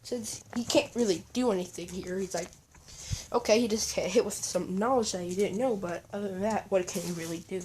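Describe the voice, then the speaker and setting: A woman's voice: medium pitch, fairly quick, background noise. A woman casually narrating a fan story in a rambling, chatty way. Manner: rambling, chatty, uses fillers.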